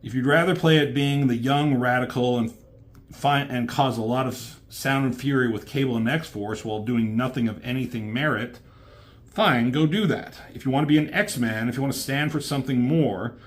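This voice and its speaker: A man's voice: medium pitch, moderate pace, lightly acted. A man voicing a stern older male mentor who scolds a young recruit impatiently. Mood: stern lecturing.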